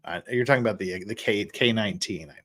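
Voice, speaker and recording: A man's voice: fairly low pitch, a little fast. A man hosting a casual livestream, reading chat messages and rambling with frequent chuckles and restarts. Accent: American. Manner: lively, rambling, chuckles often, restarts words.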